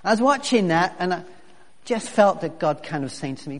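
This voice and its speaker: A man's voice: sits high, sing-song, moderate pace, fairly bright tone. A man preaching a sermon as pastor, chatty and full of restarts. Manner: conversational, with many restarts and fillers. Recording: long reverb of a large hall.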